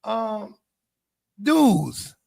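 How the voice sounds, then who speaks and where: A man, co-hosting a casual chat and handing out advice in animated, preachy lists. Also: high voice, very slow, gravelly, no room sound. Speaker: co-host.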